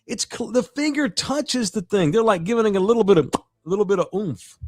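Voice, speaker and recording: Male sports radio co-host, high lively voice, crude rowdy storyteller, dead-dry sound. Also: fairly quick, no room sound. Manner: profane, animated storyteller. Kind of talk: casual sports talk.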